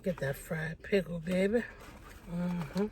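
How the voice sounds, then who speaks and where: A woman food vlogger talking casually and excitedly between bites in an eating vlog, with slangy, chatty speech. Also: lowish voice, takes it slowly, a little hiss or hum. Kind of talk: mukbang eating vlog chat.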